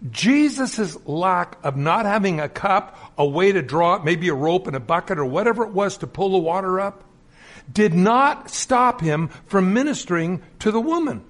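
A middle-aged male minister preaching a sermon, telling stories and acting out the quotes in them. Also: high-pitched. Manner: animated storytelling with acted-out quotes.

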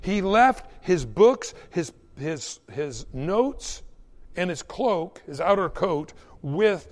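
Male pastor, animated sermon, echoey hall. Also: high-pitched, slow pace. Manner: animated storytelling preaching.

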